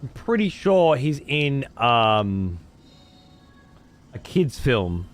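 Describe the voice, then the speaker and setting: A man's voice: mid-range voice, sing-song, drawn-out words, soft background music. A man streaming a game, chatting casually and swearing freely while answering his chat. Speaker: let's play streamer. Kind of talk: casual gameplay commentary.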